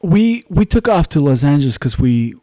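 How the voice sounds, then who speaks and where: A man's voice: fairly high pitch, big pitch swings, normal speed, dark tone, dry recording. Musician guest, male, loose anecdotal talker, dry recording. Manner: rambling anecdotal storytelling. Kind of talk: casual interview chat.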